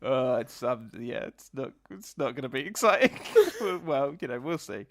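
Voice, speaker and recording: Lively, gravelly podcast co-host. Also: male voice, mid-range voice, normal speed. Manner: animated storyteller, laughs through anecdotes. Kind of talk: casual podcast chat.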